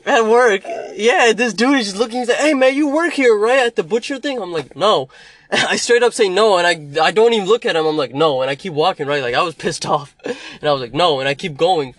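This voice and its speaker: Young man telling stories, higher voice. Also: animated, a little fast, fairly bright tone, no echo. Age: young adult. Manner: storytelling, laughing, profane. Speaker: podcast co-host. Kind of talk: casual chat.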